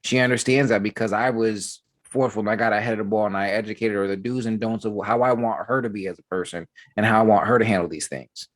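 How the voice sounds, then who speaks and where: A man's voice: fairly low pitch, fairly even intonation, no echo. A man hosting a casual chat, talking loosely with lots of fillers. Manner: fast, loose talk with many fillers. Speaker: podcast host. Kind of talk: casual conversation.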